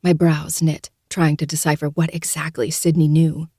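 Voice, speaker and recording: A woman's voice: sits low, flat delivery, normal speed, mellow, husky, dry recording. A woman podcast host narrating a novel in the first person, in a dry, sardonic manner. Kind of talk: audiobook narration.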